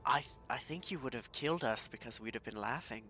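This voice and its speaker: A man playing a tabletop role-play game on a live stream, talking in a dry, measured way. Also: mid-range voice, sharp tone. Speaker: player.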